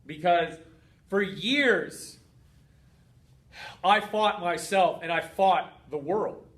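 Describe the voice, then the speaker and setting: A man's voice: sits high, very slow, a bit bright. A man hosting a heartfelt motivational talk as a fitness coach, earnest and emphatic, stacking up repeated phrases.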